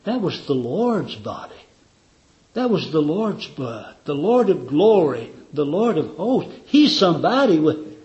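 A man's voice: on the high side, very animated, takes it slowly, dark tone, lo-fi sound. A man preaching a communion sermon in a fervent, repetitive cadence.

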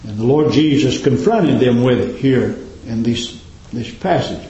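An impassioned man delivers a sermon, his voice climbing into high, ringing cries before dropping low again. His voice rings around an echoing room. The recording sounds a little dull. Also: measured pace, warm tone, slight background noise. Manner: impassioned, rising to high exclamations. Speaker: preacher. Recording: roomy, slightly dull recording.

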